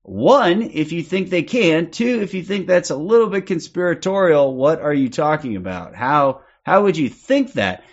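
A man's voice: on the high side, lively intonation, normal speed, few pauses, highs cut off. A man hosting a livestream and ranting in an agitated, profane way, often tacking "okay?" onto his lines. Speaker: livestream host.

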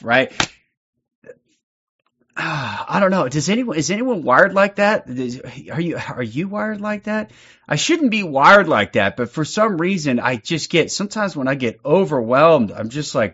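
Bright-voiced male livestream host. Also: a little high, big pitch swings, measured pace, slightly rough, highs cut off. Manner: upbeat, greets chat viewers by name. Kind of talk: casual livestream chat.

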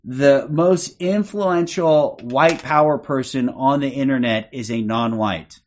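An agitated man rants through a livestream, cursing and repeating himself as he piles up complaints. He keeps stopping to demand "okay?" from his listeners. His voice sits at a middling male pitch, and the stream audio is dull and lo-fi. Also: takes it slowly. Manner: agitated, profane, repetitive, punctuates with "okay?". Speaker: livestream host. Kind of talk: ranting livestream commentary.

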